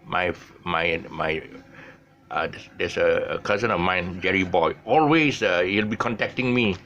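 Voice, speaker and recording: Deep-voiced and a little slow, an older man talks casually to camera on his own online show, his tone fairly bright though the highs are cut off. He often stops to restart or fix a phrase, chuckling at the slips, with faint background noise.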